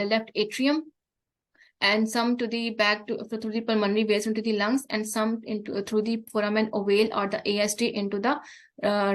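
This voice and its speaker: A woman giving an online medical lecture, speaking haltingly with frequent fillers and restarts. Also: a little high, low-quality recording. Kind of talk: online exam-prep lecture.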